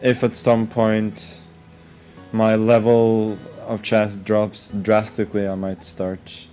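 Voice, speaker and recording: A Norwegian-accented man fielding press questions in an unhurried, drawn-out way, his voice sitting a bit low. His humour is dry and deadpan. Faint music plays behind him. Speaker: chess player answering press questions. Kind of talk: press conference answers.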